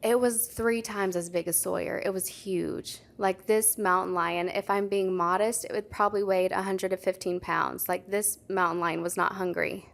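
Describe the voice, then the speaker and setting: A woman's voice: mid-range voice, fairly even intonation, normal speed, creaky, few pauses. A young adult woman, a podcast co-host, telling a story in casual chat, full of "like" fillers. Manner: chatty, lots of "like" fillers.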